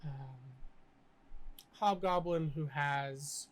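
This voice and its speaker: A young man narrating as game master in a tabletop game, casual and halting with many fillers. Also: fairly high pitch, poor audio.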